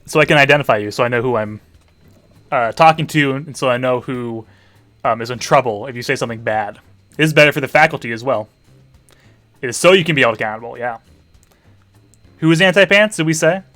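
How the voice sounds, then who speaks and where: A man's voice: medium pitch, brisk, pauses often, fairly bright tone, no echo, soft background music. A man, a teacher hosting a party game stream for students, chatting casually with dry offhand asides as he sets up rounds. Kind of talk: casual livestream chat.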